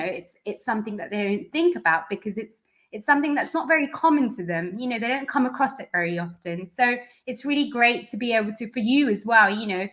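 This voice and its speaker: A woman's voice: fairly high pitch, fairly bright tone. A woman speech and language therapist answering interview questions, explaining earnestly and step by step through examples.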